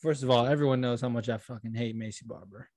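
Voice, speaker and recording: A man's voice: mid-range voice, fairly even intonation, quick pace, a little mellow, dry recording, studio quality. Profane giggly man on a podcast. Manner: profane, giggly, acts out voices in stories. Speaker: podcast co-host. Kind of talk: casual stoned chat.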